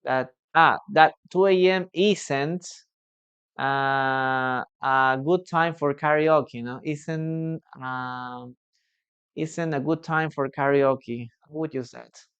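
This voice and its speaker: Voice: mid-range voice, takes it slowly, fairly bright tone, clear, resonant tone, muffled recording. An English teacher giving a live online lesson, reading out student sentences and patiently correcting them, often ending with a questioning "no?". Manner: ends points with a questioning "no?".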